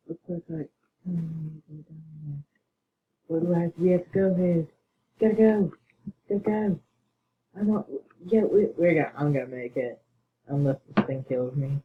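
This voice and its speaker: A man giving excitable gaming commentary, bursting into panicked yelling and muttering asides under his breath. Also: a little high, moderate pace, pauses often. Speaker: gamer. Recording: tinny phone-like mic with faint hiss.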